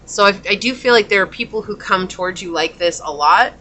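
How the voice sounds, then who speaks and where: Bright-voiced woman reading tarot cards. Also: medium pitch, brisk, a little hiss or hum. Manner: animated, laughing, acts out quoted voices. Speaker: tarot reader. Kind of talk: casual pick-a-card tarot reading.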